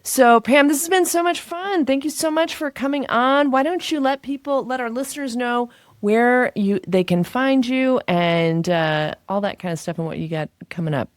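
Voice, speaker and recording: A woman's voice: a little high, animated, dry recording. A woman hosting a casual podcast chat. She laughs easily and backs up her guest. The sound is close and dry. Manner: affirming, quick to laugh and relate. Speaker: podcast host.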